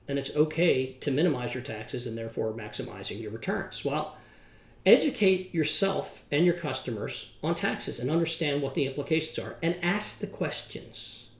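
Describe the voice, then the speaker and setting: Middle-aged male podcast host, folksy storyteller, mid-pitched voice, echoey room. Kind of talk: podcast monologue with a told joke. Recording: roomy echo.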